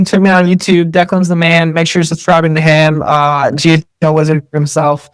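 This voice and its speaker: A man's voice: on the high side, monotone, fairly quick, smooth, no room sound. A man being interviewed as a guest, talking casually and rambling, with lots of fillers and restarts. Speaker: guest entrepreneur.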